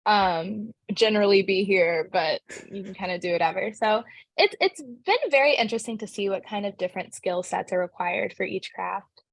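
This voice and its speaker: A woman's voice: mid-range voice, expressive, normal speed, creaky, no echo. Bubbly young woman, chatty and dry. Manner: bubbly, chatty, many "like" fillers. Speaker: actress, interview guest. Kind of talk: casual interview answers.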